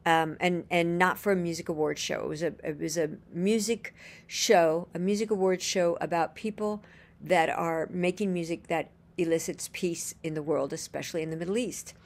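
A woman's voice: on the low side, fairly even intonation, normal speed. A woman telling a personal story in a casual, earnest and gushing way, chaining events with "and then" as she rambles along.

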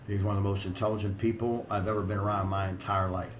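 A man's voice: fairly low pitch, flat delivery, fast talker, slight background noise, poor audio. A middle-aged American man and strength coach telling blunt, profane, rambling stories in a casual interview.

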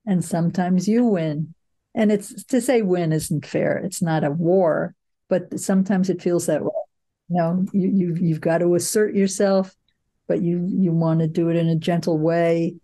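An older woman, a film producer, answering interview questions in a reflective, storytelling way with frequent pauses and fillers. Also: fairly low pitch, warm tone. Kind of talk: conversational interview.

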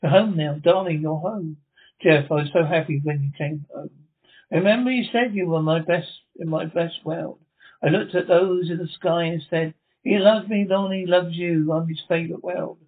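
A man's voice: fairly high pitch, moderate pace. A man reading the part of a loving, anxious wife, speaking tenderly and pleading. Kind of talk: amateur script reading. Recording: tinny phone-like sound.

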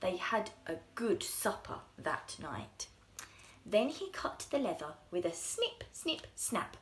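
A woman reading a children's story aloud in an expressive, sing-song way, dropping into soft whispers at times. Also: mid-range voice, takes it slowly.

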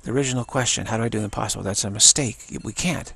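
A man's voice: on the low side, racing, a bit bright. An older man giving a spiritual talk, repeating himself and restarting phrases often. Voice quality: gravelly, husky. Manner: repetitive, stammering restarts. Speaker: spiritual teacher.

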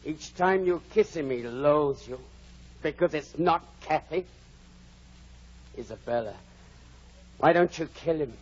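A drunken, despairing man rants bitter curses in a husky voice. The old radio broadcast sounds dull and muffled. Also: on the high side, a little slow, long pauses, a little mellow. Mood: raving. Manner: slurred bitterness rising to raving curses. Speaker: Hindley. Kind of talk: 1940s radio acting.

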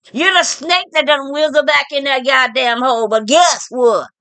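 A woman delivers a profane monologue to her viewers in a bright, high voice. She takes it slow, taunting and preaching and checking in with "all right?". The sound is dry and close. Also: no echo. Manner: taunting, preachy, often breaks into laughter; repeats "all right?" to address listeners. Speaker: online commentator.

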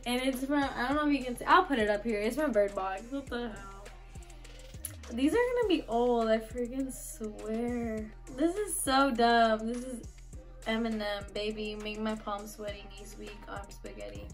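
A woman's voice: a little high, lively intonation, unhurried, soft background music. A young woman hosting a casual solo podcast, recorded on her phone, giggling and swearing as she reads memes aloud. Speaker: podcast host.

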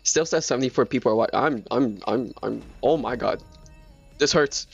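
A man streaming a video game live, chattering excitably and repeating himself in quick bursts. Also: medium pitch, gravelly, husky, soft background music. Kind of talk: casual live gameplay commentary. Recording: dull lo-fi stream mic.

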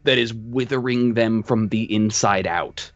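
A man's voice: fairly low pitch, measured pace, no echo, muffled recording. A man narrating as game master, loose and profane, laughing between lines.

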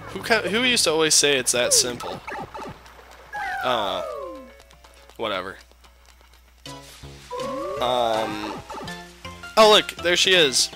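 A man's voice: mid-range voice, big pitch swings, takes it slowly, pauses often, music in the background. A young man giving casual, rambling gameplay commentary, joking and swearing. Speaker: let's play host.

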